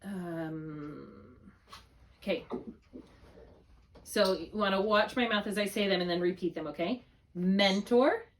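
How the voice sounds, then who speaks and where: A woman's voice: fairly low pitch, a little slow, pauses often, slight background noise. A middle-aged woman tutoring a student in spelling, patient and encouraging, drawing out syllables to model them. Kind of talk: one-on-one spelling lesson.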